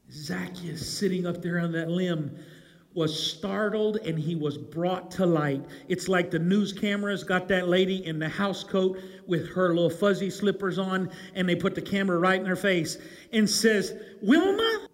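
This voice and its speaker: A man preaching a sermon, telling the story with animation and swinging from loud calls to hushed, low lines. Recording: long hall reverb.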